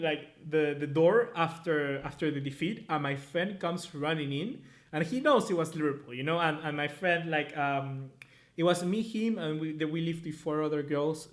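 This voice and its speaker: A man's voice: on the high side, normal speed. A young man in his twenties from America, casually hosting a live-stream match review and reading viewer chats. His talk rambles and he swears freely. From Latin America. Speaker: host.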